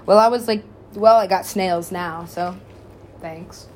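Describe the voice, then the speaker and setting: A woman's voice: medium pitch, measured pace, darkish tone. A woman, a musician and DJ, telling a rambling personal story in casual talk, swearing freely and laughing often.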